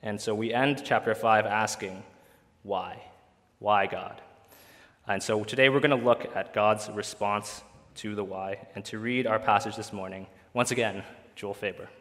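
Bright-voiced pastor in a church hall. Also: male voice, on the low side, steady tone, normal speed. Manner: conversational, with frequent fillers and restarts. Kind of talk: sermon. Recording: long reverb of a church hall.

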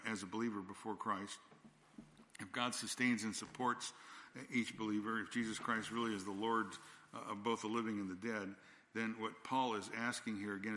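Pastor, man, low and forceful, earnest repetitive sermon delivery, long hall echo. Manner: earnest, repetitive, with frequent restarts and "again". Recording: long church-hall reverb.

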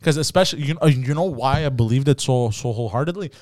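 A young man from Canada chatting casually on a podcast, telling stories in an animated, crude, joking way. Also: mid-range voice, fast, dry recording, studio quality. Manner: animated storytelling with crude banter. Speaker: podcast host. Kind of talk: casual chat.

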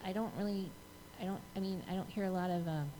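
A woman from the audience asking a question, halting, with many ums and restarts. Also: on the low side, steady tone, noisy background.

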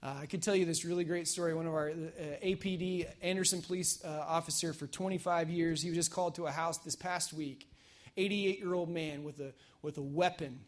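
A man preaching a casual, energetic sermon at a church service, telling stories in a chatty way with fillers. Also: fairly high pitch, brisk. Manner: energetic, conversational storytelling with fillers. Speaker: pastor.

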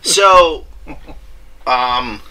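Animated man retelling movie scenes. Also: medium pitch, rough recording. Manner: animated, retells scenes with quick voice impressions and laughter. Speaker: podcast co-host. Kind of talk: casual movie chat.

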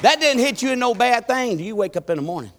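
A preacher in his fifties with a notably high voice for a man. He delivers a rhythmic church sermon that rises to shouted appeals and drops to quiet, folksy asides. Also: big pitch swings, fast talker, a little hiss or hum. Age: 50s. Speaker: pastor.

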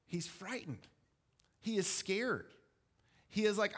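A man's voice: high-pitched, lively intonation, takes it slowly. A male pastor preaching a sermon in a conversational, explanatory way, with self-deprecating asides.

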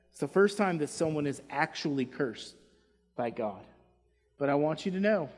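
A man preaching to a congregation, his slightly high, breathy voice carried by a long church reverb. He urges loudly, then drops to soft, quiet asides. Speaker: pastor. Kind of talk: sermon. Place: church sanctuary.

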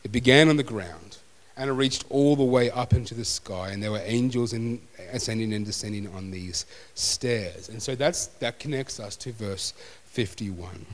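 A man's voice: medium pitch, moderate pace. A man preaching a sermon as pastor, conversational and self-deprecating. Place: church hall. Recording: long hall reverb.

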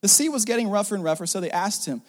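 A man preaching a sermon as pastor, animated and jokey, acting out the people in the story. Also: sits high, very fast. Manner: animated, jokey, acts out the characters. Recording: long reverb of a large hall.

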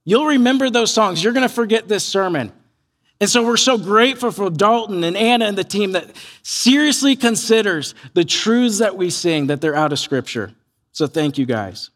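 A man preaching a sermon as pastor, earnest and animated, acting out quoted voices as he tells a story. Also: sits high, moderate pace.

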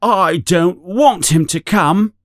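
A man's voice: slow, dry recording, clean studio sound. A man voicing a spoiled, whining young boy in a storybook reading. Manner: high whining demands. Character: shrill spoiled boy cousin, whiny.

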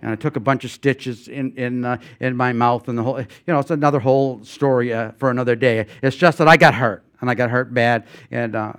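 An older man serves as guest pastor, delivering a sermon full of personal stories, fillers and restarts, moving between loud, emphatic stretches and quiet asides. His pitch is medium and his tone steady, with a brisk pace and almost no pauses. The recording is dry, with clean studio sound.

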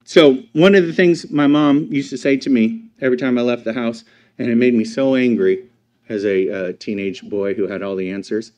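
A man pastor giving a sermon, asking the congregation rhetorical questions and swinging from loud emphatic lines to quiet, slow ones. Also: medium pitch, lo-fi sound.

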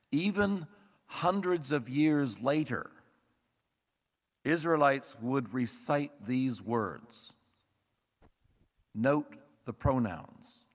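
A male pastor delivers his sermon at an unhurried, deliberate pace. His voice sits at an ordinary pitch and carries a long reverb from the church around him. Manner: measured, thoughtful delivery with wry asides. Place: church sanctuary.

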